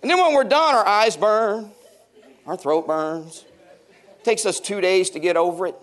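A pastor in his fifties preaches with a voice pitched a little higher than most men's. He jokes his way through stories and calls out questions to his congregation. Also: normal speed, fairly bright tone. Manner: humorous, storytelling, banters with the congregation. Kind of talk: sermon. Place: church before a congregation.

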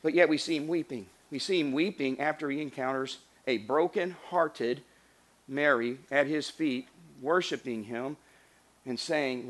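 A man preaching a sermon as pastor, earnest, rising to emphatic lines and dropping to soft hushed passages. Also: mid-range voice, measured pace.

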